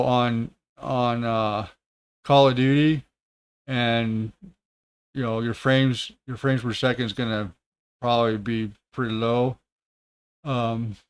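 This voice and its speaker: A man in his thirties, a tech content creator, chatting casually on a livestream with many pauses, fillers and restarts. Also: medium pitch, smooth.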